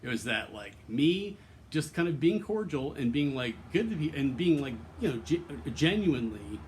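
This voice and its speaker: A man's voice: fairly high pitch, sing-song, moderate pace, a little hiss or hum. Rambling, candid man confessing to camera. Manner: candid and profane, full of restarts and fillers; earnest and emotionally open. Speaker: vlogger.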